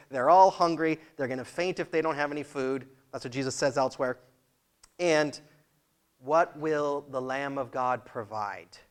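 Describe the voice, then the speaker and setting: Fairly high-voiced man preaching casually. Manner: conversational, laughs often, asks the audience questions. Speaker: pastor. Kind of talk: sermon. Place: church.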